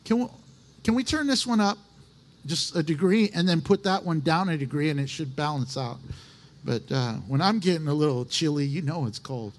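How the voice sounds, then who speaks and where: A man preaching a sermon as pastor, folksy and animated, slipping into little acted asides. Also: a little high, moderate pace.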